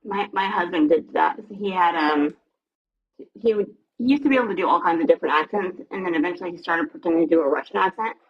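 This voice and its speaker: Low husky woman on a dull line. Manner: halting, restarts her sentences. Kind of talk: casual live-stream chat.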